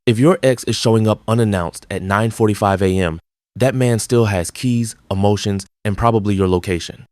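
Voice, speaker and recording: Male reaction commentator, low-pitched, dry and blunt. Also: normal speed, a little mellow, no echo. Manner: blunt, mocking. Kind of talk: scripted commentary.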